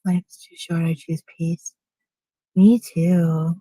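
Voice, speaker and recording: A woman's voice: fairly low pitch, little pitch movement, slow, warm tone, dry recording, low-quality recording. A middle-aged woman venting casually in a rambling storytime, blunt and profane, restarting her sentences often. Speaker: vlogger.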